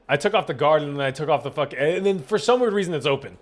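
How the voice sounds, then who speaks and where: A young man with a somewhat high-pitched voice tells his stream chat a long story from his home setup on a desk mic. He rambles and swears freely. He plays out every quoted line with animated energy. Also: fast talker, few pauses. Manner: rambling, profane, animated retelling with quoted dialogue. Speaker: gaming streamer.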